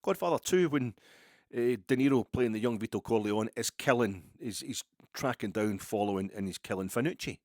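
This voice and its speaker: A man's voice: mid-range voice, moderate pace, dry recording, studio quality. A man from Ayrshire with a Scottish accent, telling a rambling, digressive story in a casual monologue. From Ayrshire, Scotland. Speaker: football podcaster.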